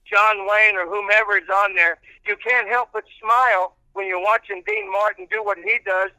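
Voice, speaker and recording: A man's voice: sits high, fairly even intonation, moderate pace, sharp tone, smooth, no echo, rough recording. An older man, a radio personality, telling rambling stories in casual podcast chat with many restarts.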